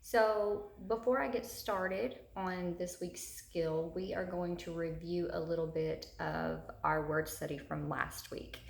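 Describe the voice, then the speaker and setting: A woman's voice: lowish voice, fairly even intonation, vocal fry. A woman teacher giving a recorded lesson to young children, patient and guiding them step by step. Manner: slow, patient, talks learners through each step. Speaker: third grade teacher. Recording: echoey room.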